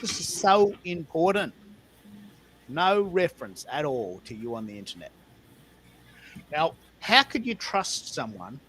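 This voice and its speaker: A man's voice: a little high, sing-song, a little slow, pauses often, fairly bright tone, slight background noise. A man hosting a live audio stream discussion, talking emphatically and repeating words as he restarts. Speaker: host.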